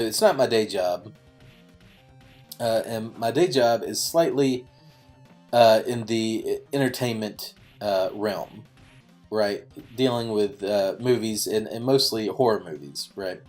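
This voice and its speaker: A man's voice: on the low side, darkish tone. A man hosting a gaming channel, telling a rambling, self-mocking story packed with fillers. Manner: chatty, self-mocking, full of "you know" fillers. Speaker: YouTube gaming channel host. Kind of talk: rambling casual storytelling over gameplay.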